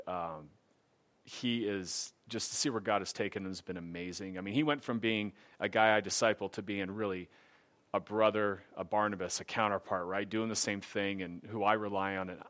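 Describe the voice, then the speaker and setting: A man's voice: fairly low pitch, fairly bright tone. A middle-aged man telling a personal faith testimony in a casual, earnest way, livening up when he quotes other people.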